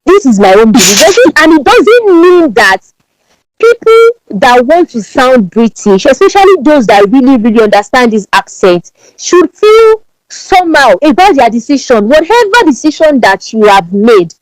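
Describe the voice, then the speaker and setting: A Nigerian woman with a strong Yoruba accent talks as a podcast guest, fairly high and very animated, her pitch leaping up and down. She speaks with emphasis and often repeats words as she goes. The sound is dry, with no room echo. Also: moderate pace. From Nigeria, Ibadan. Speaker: podcast guest, branding strategist. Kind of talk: podcast interview.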